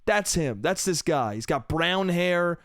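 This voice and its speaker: A man's voice: a little high, expressive, measured pace, fairly bright tone, no echo. A young man hosting a solo comedy podcast, telling an exasperated, profane story close to the mic and mimicking people he quotes. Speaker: podcast host.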